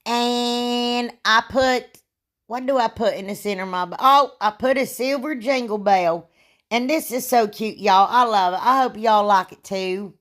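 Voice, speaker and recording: A woman, hosting a casual craft tutorial, chatty and rambling, with a sore throat that makes her clear it often. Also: fairly high pitch, measured pace, a bit bright. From Ohio, United States. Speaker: DIY crafts channel host.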